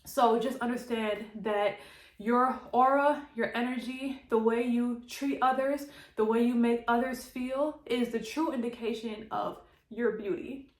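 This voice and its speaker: A woman's voice: fairly high pitch, fairly even intonation, measured pace. Emotional, hesitant young woman vlogger. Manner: emotional, hesitant, sighing and laughing between thoughts. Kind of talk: emotional personal vlog to camera. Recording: echoey room.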